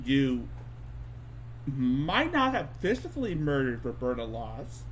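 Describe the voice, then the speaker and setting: A man's voice: medium pitch, sing-song, slow, a little hiss or hum. A man hosting a commentary stream, talking in a sarcastic, mocking way with stumbling restarts. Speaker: streamer host.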